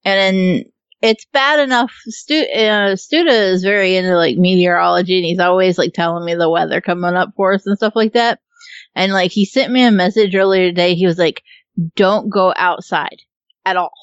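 Casting note: woman podcast co-host, smooth voice, laid-back, swears a lot, dull dry recording. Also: on the low side, brisk, no echo. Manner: laid-back, swears freely, laughs often. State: allergies, hiccups. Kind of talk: casual chat.

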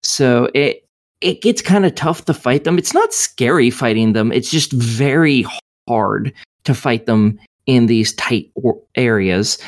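Guy rambling about a game on a podcast, sarcastic, cusses a lot, regular pitch. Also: lively intonation, unhurried. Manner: rambling, sarcastic, swears often. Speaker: game reviewer co-host. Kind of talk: casual podcast chat.

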